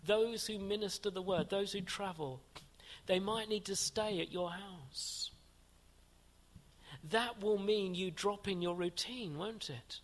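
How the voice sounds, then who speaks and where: Guy preaching a sermon, kinda high voice, keeps asking the church questions. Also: slow pace. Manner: reads aloud from a commentary; earnest, rhetorical questions to the congregation.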